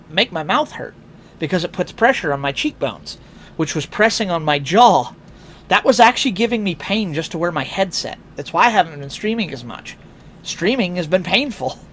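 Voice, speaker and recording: A man's voice: a little high, a bit bright, slight background noise. A tired man chatting casually on a live stream through a headset, rambling with fillers and restarts. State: tired, yawning.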